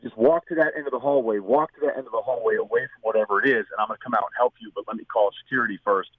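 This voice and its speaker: Over a tinny phone line, a man guesting on the show races through a long, rambling anecdote, voicing the quotes of the people in it. His mid-range voice has a breathy edge, with no room sound at all.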